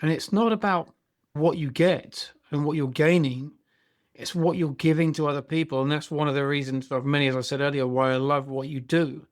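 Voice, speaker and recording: A man's voice: a little high, fairly even intonation, a little fast. A man hosting a podcast interview, speaking reflectively and asking long questions. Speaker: podcast host. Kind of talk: interview chat.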